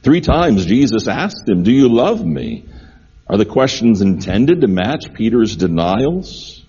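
A man's voice: mid-range voice, big pitch swings, a little slow, warm tone, breathy edge, highs cut off. A man preaching a sermon, earnest and repeating key phrases for emphasis. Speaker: pastor.

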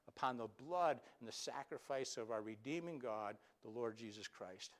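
A male pastor preaching a sermon, telling Bible stories with animated, acted-out quotes and some stammered restarts. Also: mid-range voice, moderate pace, hardly any pauses.

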